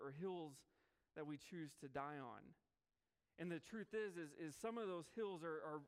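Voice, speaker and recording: Folksy man preaching, smooth voice. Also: a little high. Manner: folksy storytelling to a congregation. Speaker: pastor. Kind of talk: sermon. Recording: long hall reverb.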